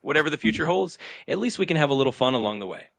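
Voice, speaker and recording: A man's voice: on the high side, lively intonation, rapid-fire, fairly bright tone, no room sound. A synthetic man's voice working as an AI assistant, cheery and agreeable in its replies. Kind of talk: upbeat chatbot replies.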